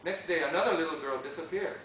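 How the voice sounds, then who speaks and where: A man gives an animated storytelling talk, slipping into quoted voices as he goes. He sounds far from the microphone, with heavy room echo. The recording is thin and phone-like, with a steady hiss underneath. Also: on the high side, fast. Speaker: motivational speaker. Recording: distant, roomy, phone-like lo-fi recording with noise.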